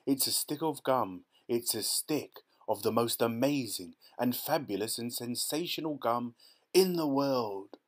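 A man reading the part of an eccentric, excitable male candy inventor with a boastful, theatrical way of talking. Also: medium pitch, measured pace. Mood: delighted.

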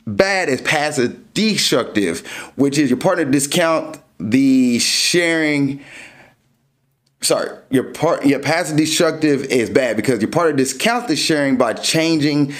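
A man's voice: a little high, a little slow. A man hosting a dating podcast, casually explaining ideas through everyday examples. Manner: explains through everyday examples, animated when acting out scenes.

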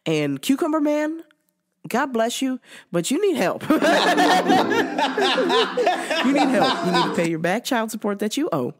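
A woman's voice: fairly high pitch, sing-song, moderate pace. A woman hosting a podcast, ranting in a sarcastic, profane way and laughing often. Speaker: podcast host. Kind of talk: casual ranting commentary.

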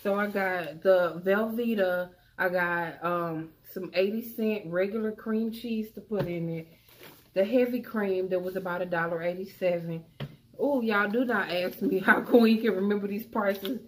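A woman's voice: mid-range voice, unhurried, a little hiss or hum. A young woman chatting casually to viewers about her grocery haul, calling them y'all. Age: young adult. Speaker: vlogger.

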